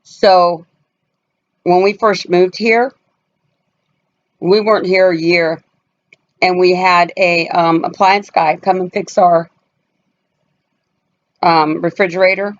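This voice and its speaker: A woman's voice: lowish voice, steady tone, slow pace, long pauses. A woman tells a personal story straight to her viewers, casual and emphatic. She hammers her points home and slips into other people's voices as she quotes them. The sound is somewhat dull and lo-fi. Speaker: family vlogger.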